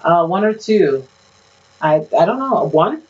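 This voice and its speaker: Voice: medium pitch, lively intonation, measured pace, darkish tone, breathy edge. A podcast co-host in casual chat who rants bluntly and says "like" a lot. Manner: blunt, ranting, frequent "like". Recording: dull, distant mic sound.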